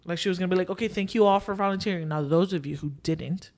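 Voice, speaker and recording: A woman's voice: on the low side, racing. A young woman hosting a podcast, telling a story in casual chat, acting out what people said and slipping in Spanish filler phrases. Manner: lively retelling, acting out quoted dialogue. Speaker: podcast host.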